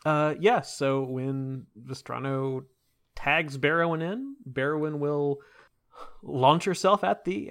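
Brief: male player, joking, casual, bright voice. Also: on the high side. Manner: joking, quick asides. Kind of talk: casual tabletop play.

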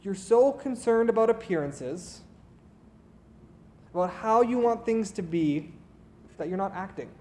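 A stern teacher firmly rebuking a follower, as a preacher puts him on. The voice sits high and carries through an echoey hall. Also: male voice, expressive, measured pace, pauses often, a little mellow. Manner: firm, rebuking.

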